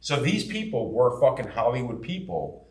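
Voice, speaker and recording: A man hosting a podcast, chatting casually with lively, swearing banter. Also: medium pitch, moderate pace. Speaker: podcast host. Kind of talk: casual chat. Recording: roomy echo.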